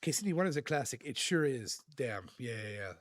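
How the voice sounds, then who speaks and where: Male streamer, mid-pitch, chatty and grateful, reading chat aloud, dry room. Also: expressive, brisk, no room sound. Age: adult. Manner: reads chat aloud, laughs often, thanks viewers. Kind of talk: casual live-stream chat.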